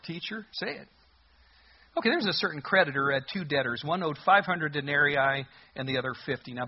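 A man preaching a sermon as a pastor, expressive and full of rhetorical questions, on a muffled lo-fi recording. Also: mid-range voice, breathy edge.

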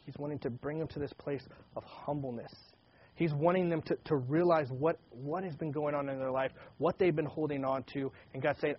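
A man reading Bible passages aloud and retelling them in a casual, animated way, with frequent restarts. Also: on the high side, fairly quick, breathy edge, highs cut off. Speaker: pastor. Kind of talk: Bible teaching, reading and commenting.

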